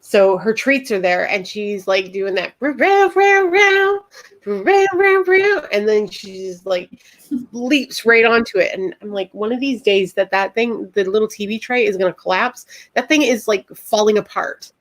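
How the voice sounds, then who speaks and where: A woman's voice: medium pitch, steady tone, normal speed. Earnest rambling woman, casual chat. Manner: rambling, earnest, filler-heavy. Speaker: guest co-host.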